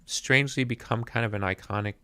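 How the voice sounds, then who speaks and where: A fast-talking man in his fifties with a medium-pitched voice that is bright, forceful, clear, and resonant. He's a musician guest in a reflective podcast interview, speaking thoughtfully and often repeating words while searching for them, recorded on a podcast mic.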